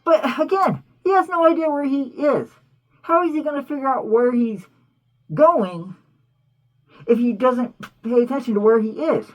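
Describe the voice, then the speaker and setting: A woman hosting a cartoon commentary, talking in an animated, indignant way full of rhetorical questions. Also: sits high, moderate pace. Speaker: host.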